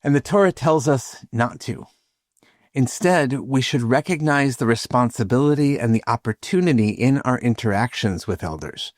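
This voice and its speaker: A man hosting a podcast, reading scripted reflections in a measured, lightly humorous way. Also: medium pitch, animated, darkish tone, dry recording, studio quality. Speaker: podcast host, rabbi.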